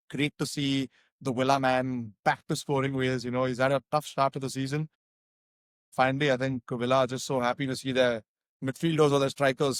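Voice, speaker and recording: A man chatting about football on a podcast, excitable and full of fillers. His voice is recorded close and dry. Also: mid-range voice, no echo. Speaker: podcast co-host. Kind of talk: casual football chat.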